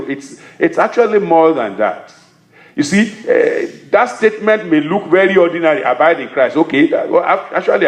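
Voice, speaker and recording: A man's voice: on the high side, echoey room. A man preaching a sermon as pastor, reading scripture and asking his congregation questions he answers himself.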